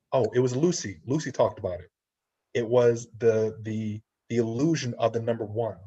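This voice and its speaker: A man's voice: medium pitch, dark tone. A man co-hosting a casual panel chat, talking in a reflective, philosophical way. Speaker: podcast co-host. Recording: lo-fi online call audio.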